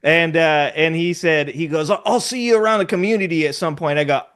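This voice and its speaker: A man's voice: fairly high pitch, fairly quick, a bit bright, clean tone. A man on a casual podcast chat, telling stories animatedly, swearing freely and laughing often.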